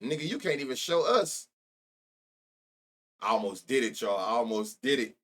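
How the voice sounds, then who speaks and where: A man's voice: mid-range voice, sing-song, moderate pace, a bit bright. A young man streaming live about sports bets, rambling and profane, laughing often and talking straight to his chat.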